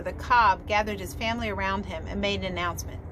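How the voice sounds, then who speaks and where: A woman teacher reading a children's novel aloud with expressive storytelling. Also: medium pitch, quick pace, hardly any pauses, noisy background.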